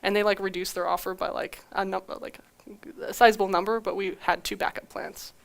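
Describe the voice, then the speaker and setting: A woman's voice: mid-range voice, fairly quick, creaky. A young adult woman giving a conference talk, telling a story with acted-out quotes and frequent laughs. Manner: animated, acts out quoted dialogue with laughs. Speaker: conference speaker.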